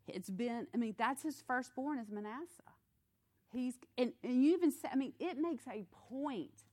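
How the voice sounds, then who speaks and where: A woman teaching a Bible study in a conversational, emphatic way, reading scripture aloud and explaining it. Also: on the high side. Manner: expressive, emphatic, acts out quotes.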